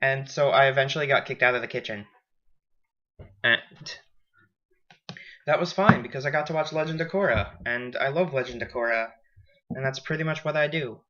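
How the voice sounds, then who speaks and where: A man's voice: mid-range voice, normal speed, pauses often, pushed and bright, highs cut off. A young man in college, chatting frankly and rambling through stories from his week in a casual vlog. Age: young adult. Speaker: college student vlogger.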